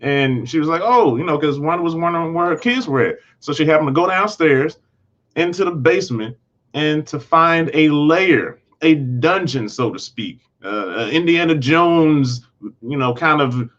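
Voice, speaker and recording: A man's voice: on the high side, moderate pace, a bit bright, highs cut off. A man hosting a casual TV episode recap, rambling along with frequent restarts and self-corrections. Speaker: host.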